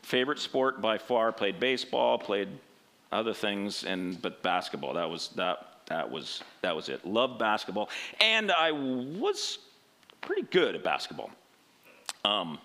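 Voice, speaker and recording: A man's voice: on the low side, very animated, measured pace, bright, forceful tone. A man preaching through a rambling personal story in a conversational sermon style, often checking in with "right?".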